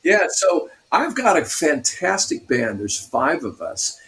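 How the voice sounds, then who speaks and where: A man's voice: fairly high pitch, sing-song, slow, fairly bright tone. A man in his sixties from Pasadena, California, a guest guitarist animatedly telling stories in a radio interview and laughing often.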